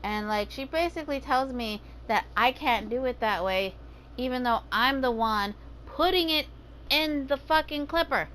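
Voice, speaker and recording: A woman's voice: high-pitched, moderate pace, a bit bright, slight background noise, low-quality recording. A woman ranting casually about her day, swearing heavily and using lots of fillers. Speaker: gaming vlogger.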